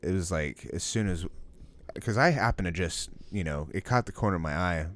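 A man's voice: low-pitched, expressive, brisk, a bit bright. A young man co-hosting a podcast in casual chat, rambling and swearing freely. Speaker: podcast co-host.

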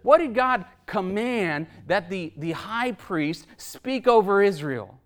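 A male preacher with a high, smooth, resonant voice. He delivers a sermon with emphasis, asks rhetorical questions and closes points with a quick "right?". He chuckles lightly between thoughts. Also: lively intonation.

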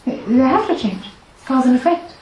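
A woman spiritual teacher telling a parable and explaining it to a group, animated and conversational, laughing often. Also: high-pitched, fairly quick. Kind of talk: storytelling talk to a group. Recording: echoey room, faint noise.

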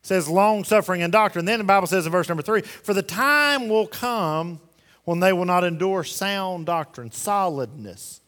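A man delivers a folksy, emphatic sermon in a fairly high voice. His words ring out with a long reverb through the church sanctuary. He keeps pressing the congregation with rhetorical questions. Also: lively intonation, normal speed, fairly bright tone. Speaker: pastor.

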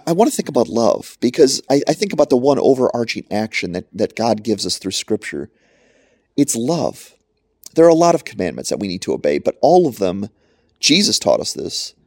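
A man's voice: lowish voice, darkish tone, no echo. A man preaching a short podcast sermon into a close mic, emphatic and repeating his points for stress. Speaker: pastor.

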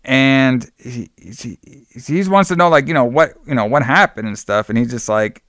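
A man's voice: mid-range voice, normal speed, a bit bright, no echo, studio quality. A man casually recapping a horror movie as podcast co-host, rambling, swearing and laughing often.

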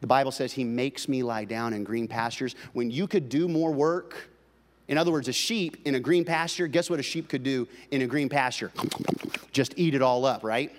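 A middle-aged male pastor preaching a sermon in an animated way, cracking jokes, swinging from loud bursts to quiet asides. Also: medium pitch, moderate pace, long reverb tail.

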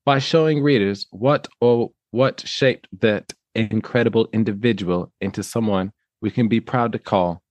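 A man's voice: on the low side, normal speed, few pauses, darkish tone, dry recording, lightly acted. A man reading an article aloud in a mock English accent, with a pompous read-aloud delivery. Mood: mock-grand.

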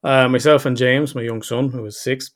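A man's voice: mid-range voice, little pitch movement, moderate pace. An Irish man in his thirties hosting a podcast, chatting casually and acting out quotes as he rambles through stories. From Ireland. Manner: rambling, with restarts and acted-out quotes. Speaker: podcast host. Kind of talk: casual chat.

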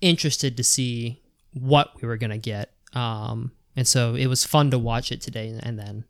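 A man's voice: mid-range voice, steady tone, normal speed, fairly bright tone, clean tone, no echo. A man co-hosting a casual film podcast in a plain mid-range voice. He rambles, piles on "like" and "um", and laughs easily. The room sound is dry and close. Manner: rambling, full of "like" and "um", laughs often. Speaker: podcast co-host. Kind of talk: casual chat about films.

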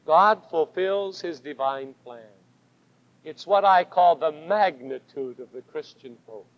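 A man preaching a sermon with fervent emphasis, his voice swelling on key words and dropping to a hush. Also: on the high side, slow, dry recording. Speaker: pastor. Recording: dull lo-fi sermon recording.

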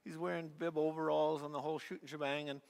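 Pastor preaching in a reverberant hall. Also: male voice, fairly high pitch, level tone, fast talker, vocal fry. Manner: storytelling with many fillers and restarts; drops to a soft, quiet voice at key points. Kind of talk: sermon. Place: church sanctuary. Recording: long reverb of a church hall.

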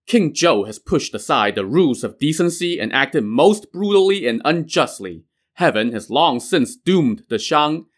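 A man voicing a stern, wrathful old male Taoist master who scolds and commands his pupil. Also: medium pitch.

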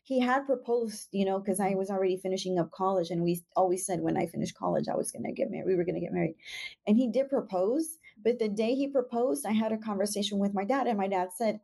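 A young woman speaks in a mellow, warm voice at a medium pitch. She talks candidly and reflectively in a casual chat, earnest and emphatic as she makes her point. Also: fast, vocal fry.

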